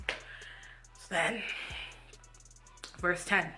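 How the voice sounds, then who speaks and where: Animated woman reading scripture with commentary. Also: fairly low pitch, normal speed, soft background music. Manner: animated, rhetorical questions, emphatic. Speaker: Bible study vlogger. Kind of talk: scripture read-along with commentary.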